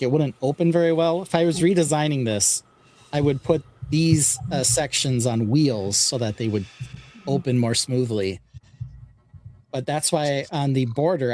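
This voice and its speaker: Halting man explaining a build. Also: medium pitch, a little mellow. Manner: halting, explains with many fillers. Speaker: podcast host. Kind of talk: casual show-and-tell chat.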